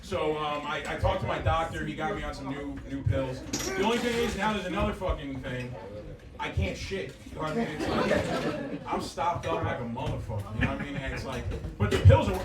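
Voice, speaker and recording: A man's voice: fairly high pitch, animated, fairly quick, over loud music. A man doing a crude, rambling, self-mocking stand-up comedy set, heard from a distance in an echoing club with the crowd laughing. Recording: roomy club sound from far off with crowd laughter.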